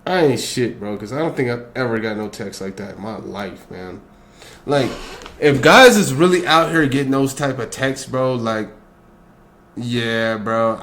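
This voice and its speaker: A man's voice: medium pitch, fairly bright tone. A man co-hosting a reaction video, talking loosely in casual chat, slangy and profane and full of fillers. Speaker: co-host.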